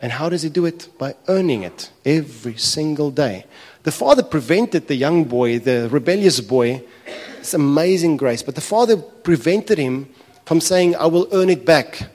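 A man preaching a sermon, telling a parable with animated, acted-out voices. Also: a little high, normal speed. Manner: animated storytelling, acting out characters' complaints. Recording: echoey hall reverb.

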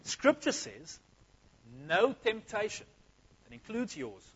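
Husky male preacher. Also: high voice, slow pace, muffled recording. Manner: energetic, conversational, addresses the congregation directly. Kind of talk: sermon.

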